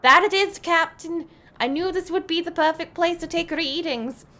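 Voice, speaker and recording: A woman voicing a chipper airship chief engineer in a bright, bouncy, emphatic way. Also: very high-pitched, normal speed, pitched above the performer's own voice.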